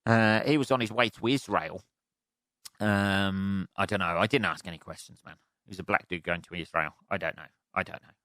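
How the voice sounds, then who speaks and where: A man's voice: low voice, normal speed, bright, forceful tone, dry recording. An English man hosting his own podcast, ranting alone in a loose, sweary, rambling way and mocking other people's voices. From England. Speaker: podcast host. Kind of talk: solo comedic rant.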